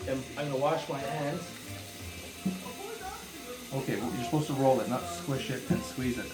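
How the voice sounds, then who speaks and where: Chatty dad cooking at home, roomy sound. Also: male voice, medium pitch, normal speed, music in the background. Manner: chatty, joking asides, gently scolding a child. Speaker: home cooking show host. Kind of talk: casual home cooking demonstration. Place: home kitchen.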